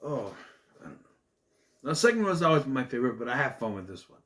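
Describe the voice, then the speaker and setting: Animated man reviewing a movie. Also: racing. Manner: animated, laughs at his own jokes, mimics lines in high voices. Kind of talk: casual solo movie review.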